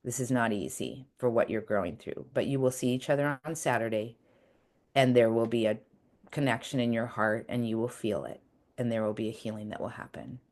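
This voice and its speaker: A gentle, loving inner voice, as a woman puts on her own higher self, speaking quietly and steadily over a video call. The tone is soft and soothing and stays in an even, reassuring register. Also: a little fast. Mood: gently reassuring. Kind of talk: acted inner dialogue demonstration.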